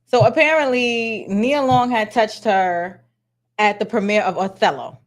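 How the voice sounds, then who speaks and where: A woman's voice: mid-range voice, a little slow. A woman hosting a casual celebrity gossip vlog, blunt, slangy and sassy, talking straight to her viewers. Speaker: gossip vlogger.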